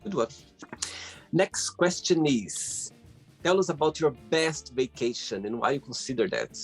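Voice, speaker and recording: A man's voice: a little high, animated, unhurried, slightly rough, faint music behind. A male host of a casual interview show, friendly and teasing, who retells stories by acting out what people said.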